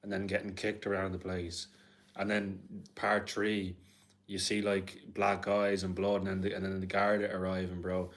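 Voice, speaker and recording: A man's voice: low-pitched, monotone, normal speed. A man chatting casually on his livestream, laid-back and laughing, tacking "bro" onto most of his sentences. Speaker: livestream host.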